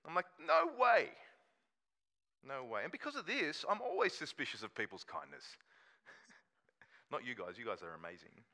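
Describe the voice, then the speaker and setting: A man's voice: medium pitch, very animated, moderate pace, pushed and bright. A man, preaching a sermon in a conversational storytelling way and acting out quoted voices. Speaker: pastor.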